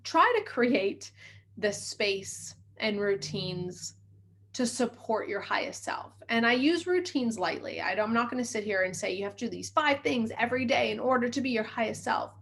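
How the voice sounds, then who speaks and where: A woman talking quickly and encouragingly as a mindset coach on a self-help podcast. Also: on the high side, expressive, vocal fry, a bit bright, breathy edge. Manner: fast, upbeat, encouraging.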